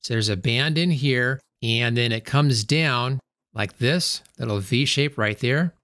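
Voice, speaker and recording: A man narrates a screen-recorded tutorial at an unhurried, steady pace. He explains each step plainly as he works. His mid-range voice is recorded close and dry, with no room echo. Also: mid-range voice. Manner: calm step-by-step instruction, talking through each action as he works. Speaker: tutorial host.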